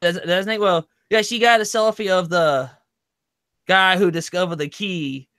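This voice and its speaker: A man's voice: high voice, normal speed, fairly bright tone, clean tone, no echo, studio quality. A man co-hosting a casual live gaming show, rambling and searching for words with many fillers. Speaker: podcast co-host.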